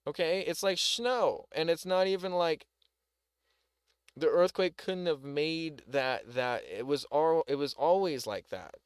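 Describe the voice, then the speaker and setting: A man's voice: a little high, measured pace, a little mellow, clear, resonant tone, no echo. A man with a Southern US accent, ranting in a rambling, heated way while reacting to a news video on a live stream. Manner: rambling, heated, lots of "like" and "bro". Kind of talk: casual commentary on a news video.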